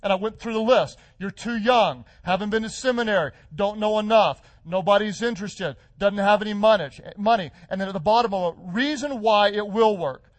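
A man's voice: sits high, a little fast, few pauses, dry recording. A middle-aged male pastor delivering a sermon, telling a story and then building to fervent, rising declarations.

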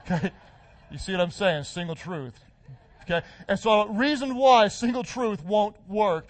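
A man's voice: high-pitched, unhurried. A middle-aged male pastor delivering a sermon, telling a story and then building to fervent, rising declarations.

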